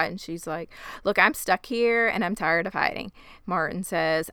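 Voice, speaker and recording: A woman with a bright, crisp voice recaps a show for her co-host in casual chat. She tells it wryly, drops sarcastic asides and acts out the lines as she goes. The sound is close and dry. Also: mid-range voice, unhurried, no echo. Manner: wry, sarcastic storytelling, acting out lines.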